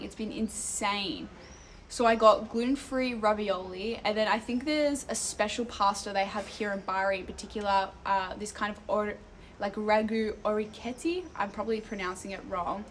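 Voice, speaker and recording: Phone in hand and arm outstretched, a young woman from Australia talks casually to her live chat as she walks outside in an Italian town. Her voice is medium-pitched and a bit bright, there's slight background noise, and she gets sidetracked and swears freely.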